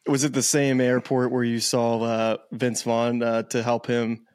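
A man's voice: mid-range voice, monotone, moderate pace, darkish tone, no room sound, studio quality. A young man hosting a podcast, asking long rambling questions in a casual, easygoing way. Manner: rambling, loose questions, laughs easily. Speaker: podcast host. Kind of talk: casual interview chat.

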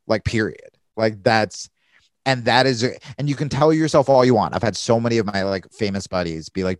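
A man's voice: mid-range voice, lively intonation, a little fast, no echo. Candid, swearing man talking casually. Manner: rambling, profane, restarts often. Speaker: podcast guest.

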